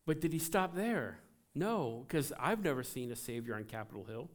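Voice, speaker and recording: A man's voice: medium pitch, lively intonation, moderate pace. A man, a pastor, preaching a conversational and earnest sermon with light self-deprecating laughs.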